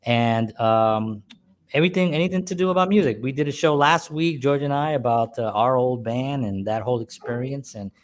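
A man's voice: medium pitch, moderate pace. Rambling man hosting a casual show. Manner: loose, rambling, many fillers and restarts. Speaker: podcast host. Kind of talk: casual chat. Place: home.

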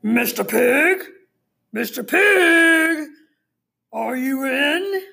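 A woman doing a gravelly storybook wolf. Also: sits high, expressive, drawn-out words, sharp tone, exaggerated voice. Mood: calling sweetly. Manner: innocent, self-justifying storybook wolf. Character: sly male big bad wolf, smooth excuse-maker.

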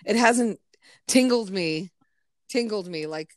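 A woman's voice: mid-range voice, no echo. An American woman who works as a massage therapist, chatting casually and profanely, often acting out quotes in other voices. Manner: animated, profane, quick to act out quotes. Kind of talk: casual podcast chat.

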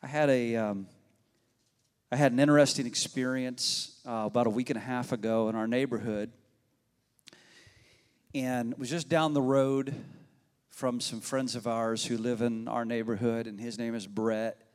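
A man's voice: medium pitch, fairly even intonation, moderate pace, pauses often, clean tone. A male pastor delivering a sermon, telling a neighborhood story in a folksy, conversational way and speaking directly to his congregation. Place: church sanctuary. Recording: long reverb of a church hall.

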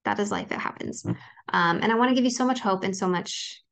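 Talking earnestly to her listeners, a woman runs her own solo podcast, offering reassurance with plenty of ums along the way. She sounds very animated, a bit bright, and medium in pitch, moving at a fairly quick pace.

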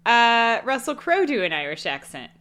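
A woman's voice: a little high, sing-song, normal speed, fairly bright tone, clean tone. A woman co-hosting a podcast, recapping a movie in sardonic, swearing casual chat and laughing often. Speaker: podcast co-host.

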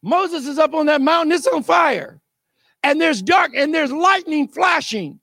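A man preaching a sermon, telling the story in an animated way with bursts of shouting. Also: very high voice, measured pace, no echo. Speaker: pastor.

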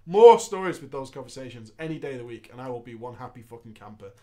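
A man's voice: medium pitch, quick pace. A man hosting a show, reading a viewer's gaming story aloud with crude, laughing comedic commentary. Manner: animated, profane, laughs often.

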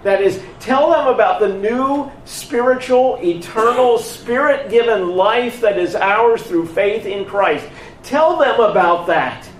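A man preaching a sermon, retelling a scripture story slowly and emphatically, acting out the exchanges between its characters. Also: high-pitched, animated, distant mic, slight background noise. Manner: slow, emphatic storytelling with voiced dialogue. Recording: echoey room picked up from afar.

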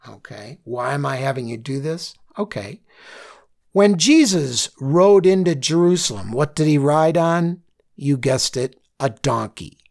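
Man, Bible study teacher, slow unhurried delivery, gravelly voice, instructive, keeps checking in with "okay?". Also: medium pitch. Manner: has listeners underline and circle words.

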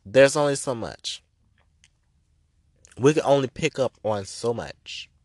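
A man's voice: mid-range voice, slow, no room sound. A man hosting a podcast as a spiritual reader, delivering a blunt, profane, emphatic rant. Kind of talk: ranting podcast monologue.

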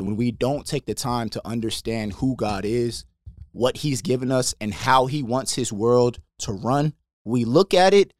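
A young adult man co-hosting a faith podcast, animated and preachy, calling his partner "bro" again and again. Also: mid-range voice, no room sound, clean studio sound. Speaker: podcast co-host. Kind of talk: passionate faith discussion.

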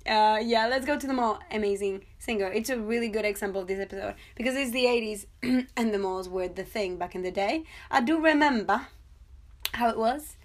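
A young woman in her twenties hosts a casual TV review podcast. She is chatty and excitable, jokes around and addresses her listeners directly as if they were guests at a party. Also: medium pitch, a little fast. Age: 20s. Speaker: podcast host.

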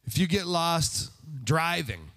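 A man's voice: a little high, big pitch swings, slow pace, fairly bright tone. A man preaching a sermon in a conversational, self-deprecating way, putting rhetorical questions to the congregation. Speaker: pastor.

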